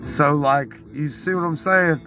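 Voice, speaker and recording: A man with a raspy voice telling a rowdy, profane story in casual chat. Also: on the high side, a little slow, sharp tone. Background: music playing.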